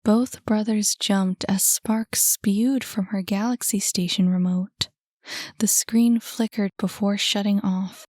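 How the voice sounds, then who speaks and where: A woman narrating an audiobook in a measured, calm way. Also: medium pitch, dry recording, studio quality. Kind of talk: scripted narration.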